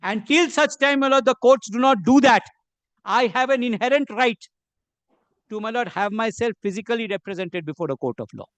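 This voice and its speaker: Middle-aged male advocate with an Indian English accent, fairly high voice, halting and deferential delivery with pointed questions. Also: lively intonation, a bit bright, dry recording. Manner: halting, peppers every phrase with "my lord". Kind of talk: courtroom legal argument.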